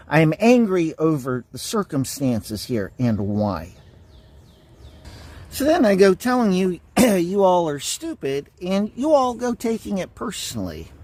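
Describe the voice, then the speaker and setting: A man's voice: fairly high pitch, a little mellow. A man delivering an angry, profane monologue straight to his viewers, full of insults and repeated points. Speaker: vlogger.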